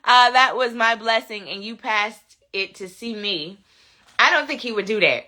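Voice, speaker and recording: A woman's voice: a little high, normal speed, sharp tone. A woman hosting a casual live chat, reading viewer comments aloud, laughing and talking back to them. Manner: chatty, laughs often, talks back to commenters.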